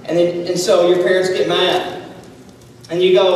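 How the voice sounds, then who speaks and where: A man's voice: high-pitched, fairly even intonation, normal speed, a little hiss or hum. Man's story-talk echoing in a hall. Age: 30s. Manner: self-deprecating humor, acts out dialogue. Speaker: speaker addressing high school students. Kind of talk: casual storytelling talk with a life lesson. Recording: echoey hall, voice from far off.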